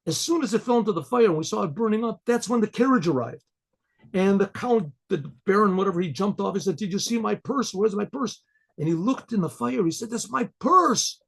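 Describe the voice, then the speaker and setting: A man voicing a gang of brash young male hoodlums in a told folk story, loud and pushy. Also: sits high, animated, fairly quick, creaky, slightly rough, pitched above the performer's own voice, exaggerated voice. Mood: excited.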